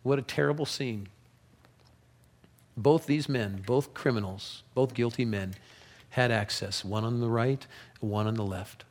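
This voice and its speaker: A pastor preaching a sermon, telling the story with animation and reading scripture passages aloud. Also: male voice, medium pitch, measured pace, long pauses, a little mellow.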